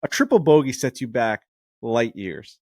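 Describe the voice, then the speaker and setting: A man's voice: mid-range voice, moderate pace, dry recording, studio quality. A man co-hosting a golf podcast in casual chat, telling stories and acting out the people in them. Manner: animated storyteller, acts out quotes. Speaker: podcast co-host.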